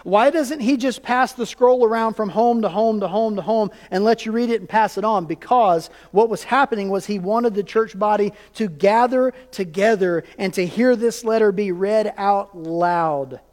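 Man, pastor, high-pitched voice, lively conversational sermon, long church-hall reverb. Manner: animated, conversational preaching with quick asides.

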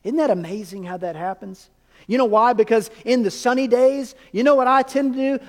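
With a very high voice and a slightly fast pace, a man preaches as pastor, emphatic yet conversational, posing rhetorical questions to his congregation. The sound carries the long reverb of a large hall.

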